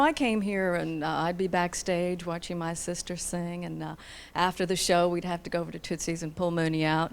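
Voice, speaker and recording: A woman's voice: lowish voice, creaky, a little hiss or hum. A woman from Kentucky, raised in Indiana, chatting as a guest on a stage in a concert hall, laughing easily and trailing off with fillers. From Kentucky, grew up in Indiana. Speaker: guest singer. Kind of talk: casual interview chat.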